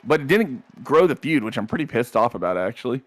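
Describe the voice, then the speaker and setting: Lively, joking young man telling stories. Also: medium pitch, fast, soft background music. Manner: storytelling, jokey voices for wrestlers. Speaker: podcast co-host narrating a wrestling game save. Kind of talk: casual comedic chat.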